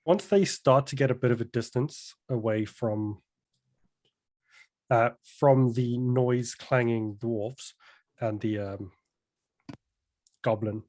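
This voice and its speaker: Male player, measured, describes his character's moves, mid-range voice. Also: medium pitch, darkish tone. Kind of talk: narrating his character's actions.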